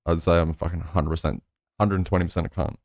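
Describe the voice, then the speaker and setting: A man's voice: deep voice, steady tone, fast, a little mellow, dry recording, clean studio sound. A man co-hosting a podcast, laid-back and swearing freely in casual chat. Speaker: podcast co-host.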